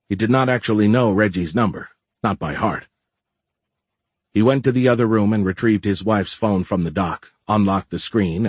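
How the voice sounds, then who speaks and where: A man reading a novel aloud in steady, measured audiobook narration. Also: fairly low pitch, husky, no room sound.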